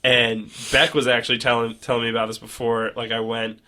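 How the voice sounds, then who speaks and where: Bright-voiced young man telling a rambling story. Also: mid-range voice, flat delivery, a little fast. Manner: rambling storytelling with many fillers. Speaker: podcast co-host. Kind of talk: casual chat.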